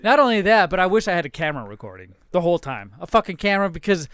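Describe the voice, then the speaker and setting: A man in his thirties, a podcast co-host, telling a rowdy story in casual chat, profane and animated, acting out the voices of the people in it. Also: high-pitched, very fast, clear, resonant tone. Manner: animated, profane, acts out quoted dialogue.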